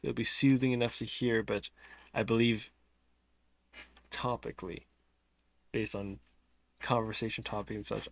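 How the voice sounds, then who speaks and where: A man's voice: lowish voice, fairly even intonation, measured pace, creaky, long pauses. Sleepy, mumbling man streaming a game. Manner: drowsy, soft-spoken, trailing off and mumbling. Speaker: livestreamer. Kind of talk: casual live game stream chat.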